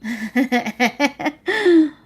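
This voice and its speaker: Chatty high-voiced woman streamer. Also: very animated, drawn-out words. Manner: sarcastic, laughing, chatty. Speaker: livestream host. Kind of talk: casual livestream chat reading comments.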